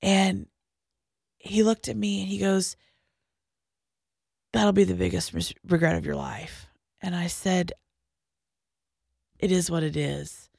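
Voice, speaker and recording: Young woman w a low gravelly voice telling her story in halting bits, trails off a lot, dry close sound. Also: steady tone, dry recording. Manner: halting, with frequent restarts and trailing-off lines, dropping quiet at hard moments. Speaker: guest sharing personal story. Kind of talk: personal testimony on a podcast.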